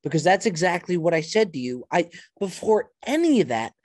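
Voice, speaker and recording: Male podcast host, emphatic, repeats himself, cuts in; slightly high voice, dry close sound. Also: sing-song, a little fast, no echo. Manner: emphatic, talks over others, repeats himself. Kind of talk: casual podcast banter.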